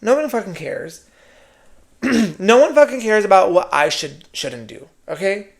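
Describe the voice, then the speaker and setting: Brief: male podcaster, gravelly voice, sassy and foul-mouthed solo talk. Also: sits high, animated, a little slow. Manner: sassy, profane, keeps adding "right?". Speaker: podcast host. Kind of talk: casual solo monologue.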